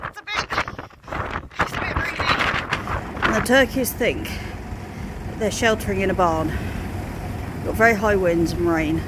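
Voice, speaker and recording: A woman chatting casually outdoors on a farm, filming her animals with a handheld camera and teasing them as she talks. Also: mid-range voice. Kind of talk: casual vlog narration. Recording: wind buffeting the mic. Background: strong wind noise.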